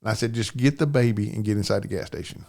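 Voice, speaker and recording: A man's voice: fairly low pitch, fast, a little mellow. An older man, a podcast guest telling a personal story in plain, rambling speech, often asking "you know what I'm saying".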